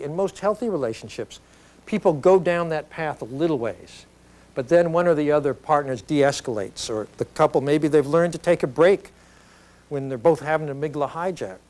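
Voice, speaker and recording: A middle-aged man giving an educational video lecture, explaining ideas in a conversational, animated storytelling way with frequent tag questions. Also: a little high.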